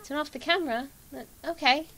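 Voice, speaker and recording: A woman's voice: high voice, fast, a bit bright, a little hiss or hum, voice pushed up, rough recording. A woman voicing a small, anxious monster boy who stammers earnestly while reading game dialogue. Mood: wistful. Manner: hesitant, stammering.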